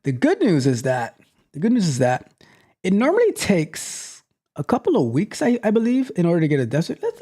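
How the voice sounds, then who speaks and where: A man hosting a live tech question-and-answer show, giving advice in a lively, mock-scolding way and often repeating phrases. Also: high-pitched, fairly quick. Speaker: host.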